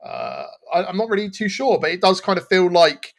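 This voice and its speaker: A man's voice: sits high, wildly swooping pitch, brisk, vocal fry. A man hosting a football podcast, chatting casually and rambling, laughing at his own slips. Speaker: podcast host. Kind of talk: casual chat.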